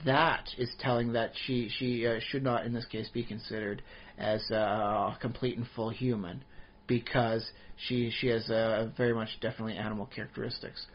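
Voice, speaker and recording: A man's voice: medium pitch, level tone, normal speed, highs cut off, a little hiss or hum. A man co-hosting a podcast in casual chat, rambling with frequent fillers and restarts. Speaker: podcast co-host.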